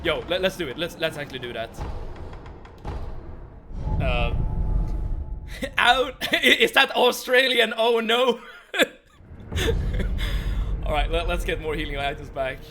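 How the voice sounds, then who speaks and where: A high-voiced man chats excitedly over a hard game on a livestream, tripping over his words and repeating himself as he talks. Game music plays clearly behind him. His energy swings between groans and hype, but the stammering restarts stay constant. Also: slow pace, long pauses. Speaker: gaming livestreamer. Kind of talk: casual gameplay commentary.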